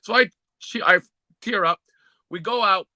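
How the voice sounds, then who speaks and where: A man's voice: high voice, a little slow, bright, forceful tone, no room sound. A man hosting a casual podcast chat, enthusiastic and easily moved. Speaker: podcast host.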